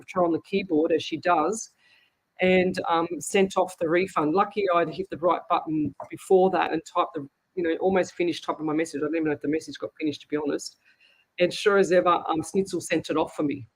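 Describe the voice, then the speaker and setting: A woman's voice: lowish voice, fairly even intonation, a little fast, slightly rough. Chatty Australian woman psychic hosting live. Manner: chatty and frank, talks to viewers as "guys". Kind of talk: casual live-stream chat.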